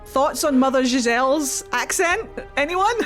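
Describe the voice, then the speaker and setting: A woman's voice: medium pitch, measured pace, faint music behind. A woman streaming a video game, chatting casually and getting easily distracted. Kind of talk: casual chat while gaming.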